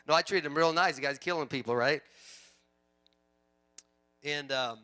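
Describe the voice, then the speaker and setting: A male pastor preaching a sermon, swinging from loud emphatic lines to quiet storytelling, with chatty asides and repeated words. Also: a little high, animated, normal speed, long pauses.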